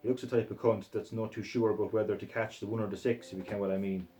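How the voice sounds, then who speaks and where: A man's voice: lowish voice, steady tone, quick pace, mellow, soft background music, rough recording. A man reading a crude novel aloud in a put-on Scottish accent, in a profane, aggressive first-person voice. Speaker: reader.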